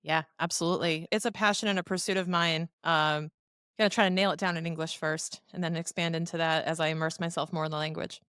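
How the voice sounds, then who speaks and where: A woman in her thirties, a finance professional guesting on a podcast, telling stories in a lively, chatty way. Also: deep voice, fast, clear, resonant tone, no room sound, clean studio sound. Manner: animated storyteller who acts out quoted voices. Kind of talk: casual interview talk.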